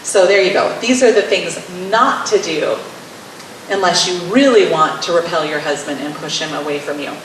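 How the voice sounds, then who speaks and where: Wry and teasingly sarcastic, a woman coaches wives on marriage, frequently acting out short scenes. Her voice sits on the low side at a normal speed, and the faintly hissing audio echoes heavily, with the mic placed far away.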